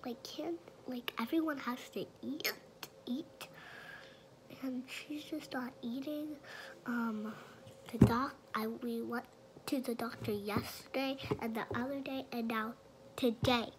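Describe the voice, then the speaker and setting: A woman vlogger talking in a whisper, halting and restarting her sentences often. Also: fairly high pitch, steady tone, background noise. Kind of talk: whispered vlog.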